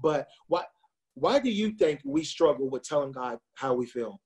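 A man's voice: mid-range voice, lively intonation, moderate pace. A man in his twenties preaching with passion to young people over a video call, often saying "listen to me". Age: 20s. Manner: impassioned, repeats "listen to me". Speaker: youth speaker.

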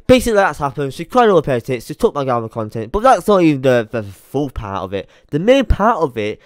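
Tired young guy ranting n swearing at his pc, smooth clear voice, dry close sound. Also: medium pitch, darkish tone, no room sound. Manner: swearing, rambling, muttering to himself while searching his computer. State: tired late at night. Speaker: YouTuber. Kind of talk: frustrated rant to camera.

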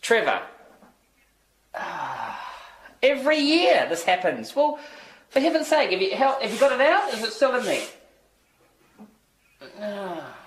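An actor with a New Zealand accent playing a rambling, apologetic band manager juggling phone calls in a radio sitcom. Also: male voice, high voice, pushed and bright, slight background noise, full character voice, low-quality recording. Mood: flustered. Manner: rambling, apologetic, easily flustered. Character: flustered male manager fielding phone calls.

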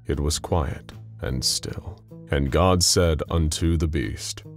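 Deep-voiced male story narrator. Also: soft background music. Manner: measured, dramatic storytelling.

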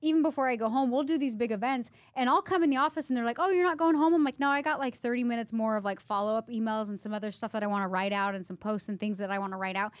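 Very fast and with few pauses, this podcast co-host speaks at a fairly high pitch with fairly even intonation in a dry recording. In her thirties, she tells personal stories casually and emotionally, full of fillers.

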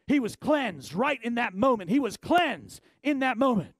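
A middle-aged male pastor preaching a sermon, emphatic, swinging from low and quiet to loud and shouting. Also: big pitch swings, moderate pace, no room sound.

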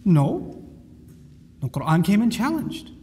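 A man's voice: high voice, expressive, normal speed, big-room sound, slight background noise. A man teaching a lecture on the Quran, speaking emphatically and reciting Arabic verses.

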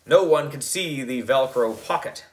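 A man reading a children's book aloud, narrating in an expressive, deliberate storytelling manner. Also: mid-range voice. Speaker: book club reader.

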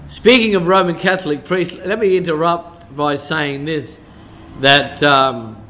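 A man's voice: fairly high pitch, a little slow, bright, forceful tone. A man, preaching a midweek sermon as a pastor in a chatty storytelling way, full of "you know" and "sort of".

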